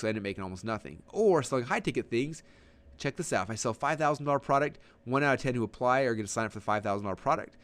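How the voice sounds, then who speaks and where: A man teaching a webinar on sales in an energetic, rapid-fire manner, often restarting his sentences. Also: mid-range voice. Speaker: online marketing coach.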